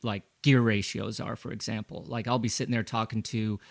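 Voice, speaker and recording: A man's voice: lowish voice, level tone, fairly quick, creaky, no echo, clean studio sound. A man who is a former pro cyclist and a guest on a casual interview, telling easygoing anecdotes and acting out the lines he quotes.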